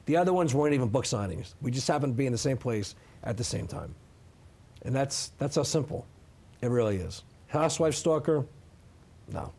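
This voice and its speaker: Animated and fairly quick, a middle-aged man with a mid-range, darkish voice lays out his side of a story as a sit-down interview guest. He is emphatic, punctuating his points with frequent "okay?"s.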